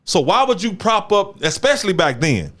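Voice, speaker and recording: A man hosting a casual podcast chat, talking in an animated way and firing off rhetorical questions. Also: high voice, moderate pace. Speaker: podcast host.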